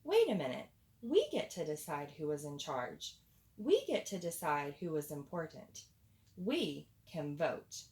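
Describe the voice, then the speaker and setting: A woman voicing a friendly, clever male dog in a storybook reading, bright and chatty. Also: low-pitched, wildly swooping pitch, unhurried, exaggerated voice. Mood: cheerful.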